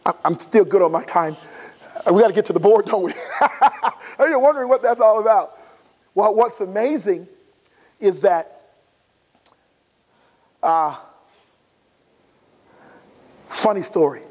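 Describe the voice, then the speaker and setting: Very high-voiced animated male speaker. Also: moderate pace, long pauses, slightly rough, long reverb tail. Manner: animated storyteller, acts out scenes, laughs often. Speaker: motivational speaker. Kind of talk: motivational speech storytelling. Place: resort conference room.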